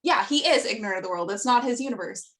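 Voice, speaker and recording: A woman's voice: a little high, expressive, fast talker, a bit bright, slight background noise. A woman guest on a podcast in casual chat, giggling often and filling her talk with "like". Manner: chatty, giggly, lots of "like" fillers.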